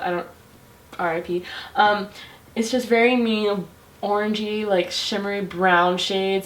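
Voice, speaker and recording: Bubbly young woman talking makeup faves at home, says like a lot. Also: medium pitch. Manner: chatty and bubbly, heavy use of "like". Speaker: beauty vlogger. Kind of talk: casual makeup favorites review.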